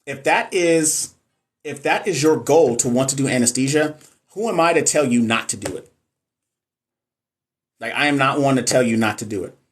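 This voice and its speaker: A man, chatting casually on a live stream into a phone, joking and swearing as he answers viewers' questions. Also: mid-range voice. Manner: loose and joking, slangy, swears freely, talks straight to viewers. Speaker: nurse and NCLEX coach hosting a live stream.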